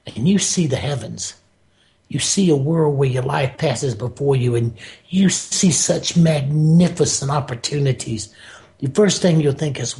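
A guest author on a spiritual talk radio show discusses spirituality in an emphatic, preacherly style with punchy phrasing. His voice is medium-pitched and dark-toned with vocal fry, and he speaks at a measured pace.

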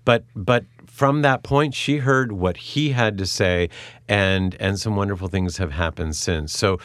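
A man hosting an audio interview, halting and repeating his words, and laughing often. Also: low-pitched, fairly bright tone, dry recording, studio quality. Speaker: host.

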